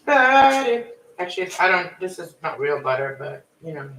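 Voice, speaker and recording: Male home-cooking vlogger, rambling and self-correcting, slightly higher voice, recorded far from the mic with a faint noise floor. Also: a little fast, sharp tone. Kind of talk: casual live-stream chat while cooking. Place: home kitchen. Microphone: camera set away from the stove. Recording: echoey kitchen, distant camera mic, faint noise.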